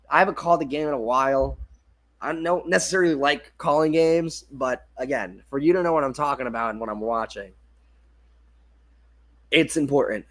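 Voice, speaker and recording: A young man with a slightly bright, mid-range voice casually narrates a football livestream as a fan. He's worn out and yawning, keeps correcting his own errors, and apologizes for them.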